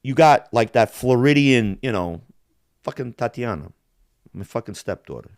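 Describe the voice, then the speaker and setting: On a casual podcast, a Balkan man vents heatedly and profanely, imitating accents to drive his point home. His mid-range voice is animated and moves at a moderate pace, captured in studio quality with no echo.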